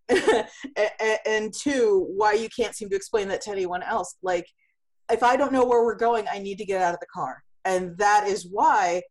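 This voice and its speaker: A woman's voice: medium pitch, normal speed. A woman who runs a comics publishing company, answering in an interview with vivid analogies and frequent restarts.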